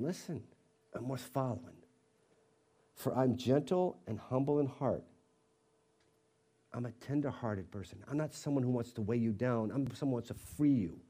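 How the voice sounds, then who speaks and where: Middle-aged male pastor, sermon delivery, warm mellow timbre, mid-range pitch, acts out quoted voices. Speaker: pastor of a college fellowship.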